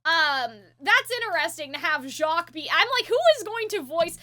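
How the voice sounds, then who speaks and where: A young woman hosting a casual reaction discussion, theorizing excitedly in a rambling way with lots of fillers. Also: extremely high pitch, normal speed. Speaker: host.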